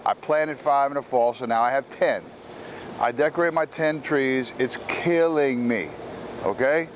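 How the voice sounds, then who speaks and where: A man's voice: medium pitch, a little slow, a little hiss or hum. A man giving a gospel reflection, telling a story in a conversational way and acting out the people in it. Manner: conversational, acts out the people in his stories.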